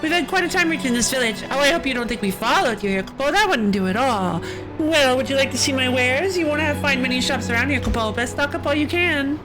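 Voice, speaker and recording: Woman doing small male moogle merchant, chirpy, high-pitched, quick eager sales patter, video game character. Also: animated, over music. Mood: perky salesy. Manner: eager sales patter, keeps repeating the customer's name.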